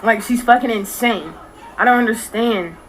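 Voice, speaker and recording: A woman's voice: on the high side, moderate pace, noisy background. A young woman telling a storytime to her phone camera, blunt, profane and exasperated. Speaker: storytime creator.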